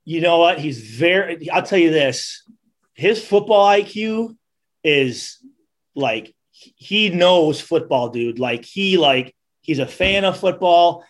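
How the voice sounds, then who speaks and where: High-voiced man telling stories, dude-heavy. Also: slow. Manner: animated storyteller, calls listeners dude. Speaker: guest, former football player. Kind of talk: casual podcast storytelling.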